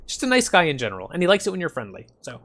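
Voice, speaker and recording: A man's voice: on the high side, huge pitch swings, racing, a bit bright, faint music behind. A man casually commenting on a strategy game as he plays, thinking aloud with frequent ums and small chuckles. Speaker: gaming channel host. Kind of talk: casual let's-play commentary.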